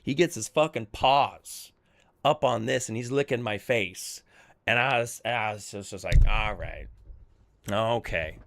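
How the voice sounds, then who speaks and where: A man's voice: mid-range voice, unhurried, gravelly, fairly bright tone, slight background noise. A man streaming a game, telling a story in casual chat, rambling and swearing freely as he repeats himself. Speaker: streamer hosting a game server.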